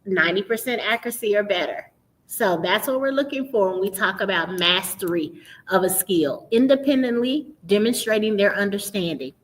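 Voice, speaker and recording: A woman's voice: medium pitch, moderate pace, poor audio. A woman host giving an instructional talk to parents, explaining step by step and checking in often with "right?" and "okay?". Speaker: literacy educator and podcast host.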